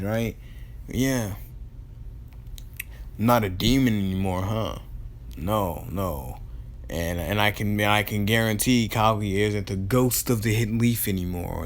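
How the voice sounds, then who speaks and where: A man's voice: fairly low pitch, lightly acted. A resentful young male ninja hero airs his grievances in a profane, ranting tirade. A man retelling the tale voices him in his own ordinary speaking voice, with no real character voice.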